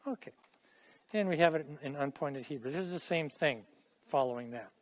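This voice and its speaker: A man's voice: on the high side, a little fast. Chatty man teaching a Hebrew class. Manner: chatty, repeats phrases for students to echo. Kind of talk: classroom language lesson. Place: classroom with students.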